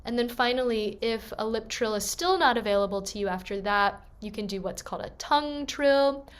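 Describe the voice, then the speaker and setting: A woman voice teacher leading a gentle, encouraging vocal warm-up lesson and demonstrating the sounds herself. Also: fairly high pitch, expressive, moderate pace, smooth.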